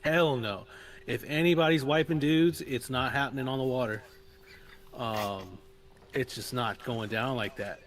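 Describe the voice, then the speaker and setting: A man co-hosting a laid-back podcast chat. He riffs at length with dry, deadpan jokes and swears casually. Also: medium pitch, measured pace, background noise. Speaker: podcast co-host.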